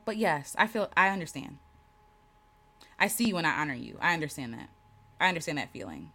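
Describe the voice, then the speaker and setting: A woman's voice: lowish voice, expressive, brisk, sharp tone. A woman hosting a casual livestream, reading viewers' comments aloud and answering them with affirmations and laughter. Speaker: host reading live chat.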